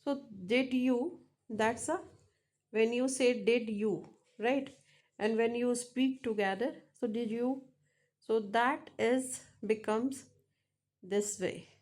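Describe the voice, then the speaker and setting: A woman teaches a phonetics lesson, speaking very slowly. She breaks off often and repeats each example word several times. Her voice sits a little higher than most. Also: steady tone, darkish tone. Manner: slow, halting, repeats example words many times. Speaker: English teacher.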